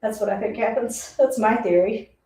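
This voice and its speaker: A woman talking through a live football game as a streamer, chatty and rambling and often laughing. Her voice is mellow and a little dark. It sits away from the mic in an echoey room. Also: a little high, normal speed, a little hiss or hum. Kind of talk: casual live play-by-play reaction. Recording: roomy, distant mic.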